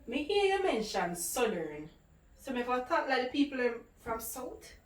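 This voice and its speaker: A woman's voice: high voice, very animated, normal speed, distant mic. A woman with a Jamaican accent playing a nervous, unsure woman who is trying out a Texas accent, speaking patois in a comedy web drama. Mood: doubtful. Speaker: woman rehearsing a disguise. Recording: echoey room with faint music.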